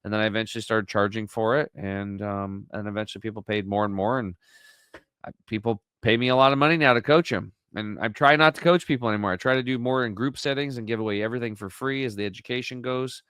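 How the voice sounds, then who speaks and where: A man's voice: fairly low pitch, quick pace, fairly bright tone, clear, resonant tone, no echo. A man talking as a podcast guest, telling his story and acting out quoted dialogue with animation. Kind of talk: conversational storytelling.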